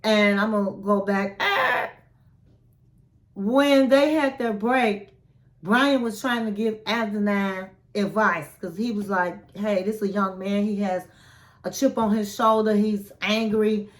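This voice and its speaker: A woman's voice: medium pitch, fairly even intonation, slow pace. A woman retelling a reality show episode in a chatty recap, acting out what the people said and adding her own blunt asides. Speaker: recap vlogger.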